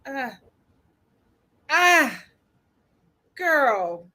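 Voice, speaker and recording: A woman hosting a casual reality TV recap, sassy and animated, laughing as she acts out what people said. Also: high voice, unhurried. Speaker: host.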